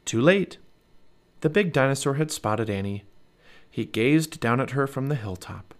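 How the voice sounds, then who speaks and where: A man reading a children's storybook aloud as narrator, expressive and animated. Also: mid-range voice, normal speed.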